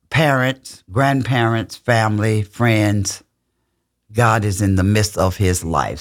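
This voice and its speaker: A woman hosting a call-in radio show, reading birthday wishes and chatting effusively with callers. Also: rumbling low. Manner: effusive, laughing, reads birthday shout-outs. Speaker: radio host.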